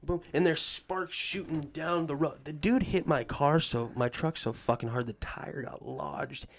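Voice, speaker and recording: A man's voice: a little slow, gravelly. A man telling a long story in casual, profane talk, acting out what people said with big swings in voice. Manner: animated, acts out quotes with swings in pitch and volume. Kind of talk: casual storytelling with heavy swearing.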